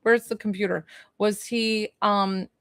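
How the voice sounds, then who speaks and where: A woman's voice: mid-range voice, fairly even intonation, unhurried, clean tone, no room sound, clean studio sound. A young adult woman working as a psychic medium in a live-streamed reading, talking in a chatty, hesitant way with many fillers and questions.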